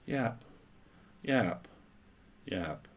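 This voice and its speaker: A man with a fairly low voice that swings widely in pitch chats alongside a co-player during a horror game stream. He mostly gives short agreeing replies and slips in dry, quick asides. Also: animated. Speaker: streamer co-playing a horror visual novel. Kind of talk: casual let's-play chat.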